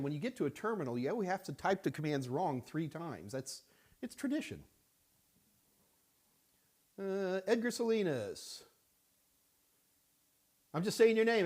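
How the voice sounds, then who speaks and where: This host has a fairly high, slightly mellow voice. Working out of a Houston studio, he runs a live-stream Q&A, fielding viewer questions with easygoing chat, jokes, and greetings to viewers by name.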